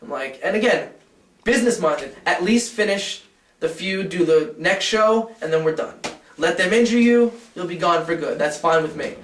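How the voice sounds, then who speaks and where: A man's voice: high voice, animated, moderate pace, a bit bright, reverberant, recorded from a distance. Blunt, profane man recalling old feuds. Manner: blunt and profane, acts out quoted dialogue. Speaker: documentary interviewee, wrestling insider. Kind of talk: candid recollection.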